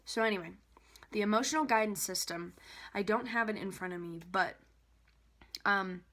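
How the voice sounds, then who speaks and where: A young adult woman, a life coach, explaining an idea casually in a rambling way, with many fillers and restarts. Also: fairly bright tone. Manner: acts out an anxious inner voice, rising in pitch.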